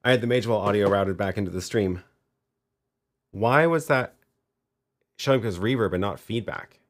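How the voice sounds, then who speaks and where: A man's voice: on the low side, moderate pace. A man hosting a live tech demo, talking casually as he tries things and thinks aloud. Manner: thinking aloud, trailing off with restarts. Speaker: livestream host demoing video gear.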